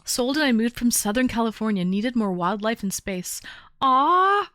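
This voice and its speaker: A woman's voice: on the high side, normal speed, no room sound, clean studio sound. A woman from Toronto, a full-time streamer, chatting casually on a livestream as she unboxes gifts and answers viewers from chat. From Toronto, Canada. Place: home, small town.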